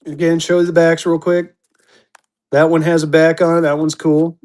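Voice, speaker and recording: A man's voice: on the high side, level tone, moderate pace, a little mellow. A man selling banknotes in a live-stream auction, with hyped, repetitive auctioneer patter.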